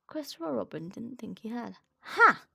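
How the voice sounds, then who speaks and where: A woman reading a children's storybook aloud with expressive, animated narration. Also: medium pitch, normal speed, creaky, no echo, clean studio sound.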